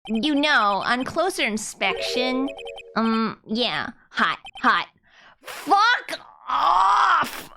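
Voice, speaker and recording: Live-streaming a game, a woman speaks slowly in a somewhat high voice. She chats, reads out the in-game dialogue, giggles, and bursts into loud excitement.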